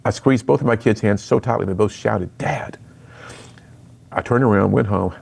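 A man's voice: fairly low pitch, a little fast, creaky, darkish tone. A middle-aged man, a speaker and author, telling his personal story earnestly in an interview.

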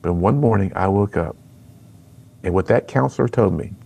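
A man's voice: deep voice, normal speed, gravelly, a little mellow. A middle-aged man, a speaker and author, telling his personal story earnestly in an interview.

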